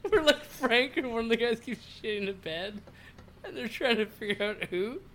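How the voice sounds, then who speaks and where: A man's voice: extremely high pitch, lively intonation, moderate pace, a bit bright. A man joking and chiming in during a casual podcast chat. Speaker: podcast guest.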